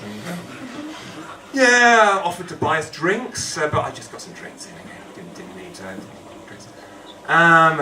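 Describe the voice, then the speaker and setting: A man telling a true story on stage at a storytelling night, rambling and self-deprecating with humour. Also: medium pitch. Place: event hall. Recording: echoey hall, distant mic, noisy.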